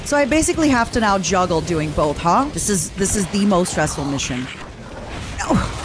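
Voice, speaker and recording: Excitable woman streamer, lively pitch. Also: moderate pace, background noise. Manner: excitable, gushing, playful. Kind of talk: live gameplay commentary.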